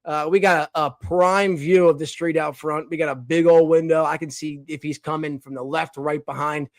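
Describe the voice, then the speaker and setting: A young man from the Philadelphia area hosting a casual podcast segment, talking in a rambling, animated way full of restarts and fillers. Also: on the high side, moderate pace, no room sound. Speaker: podcast host.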